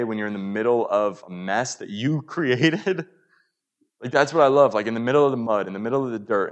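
A young man gives a sermon in a relaxed, conversational way, full of small asides and check-ins with the congregation. His voice sits a little low, and he sounds earnest and plain rather than formal. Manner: casual, earnest, frequent "right?" and "like" asides. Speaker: pastor.

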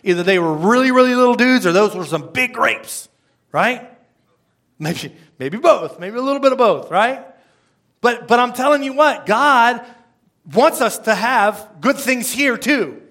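A man preaching a sermon, with lively, conversational rhetorical questions and slow, measured scripture readings. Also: very high voice. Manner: slows to a measured pace when reading scripture. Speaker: pastor.

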